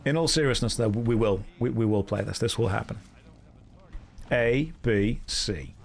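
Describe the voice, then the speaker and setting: A man's voice: on the low side, fast, creaky, darkish tone. A man in his thirties chatting casually and joking with his chat while streaming a game. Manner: joking, self-mocking storyteller reacting to chat.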